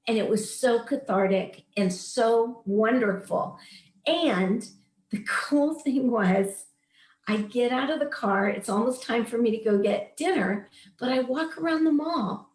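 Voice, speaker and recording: A woman in her late fifties speaks as a wellness coach, earnest and emphatic as she shares an inspirational personal story. Her voice sits a little high. The recording carries a noticeable room echo. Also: measured pace. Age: 50s. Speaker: wellness coach leading a meditation session. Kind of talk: heartfelt storytelling and coaching talk.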